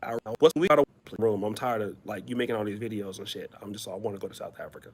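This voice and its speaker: A man's voice: fairly low pitch, fast, noisy background, close to an everyday voice. A man mimicking a demanding young woman nagging her boyfriend, sweet and rude at the same time. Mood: suspicious.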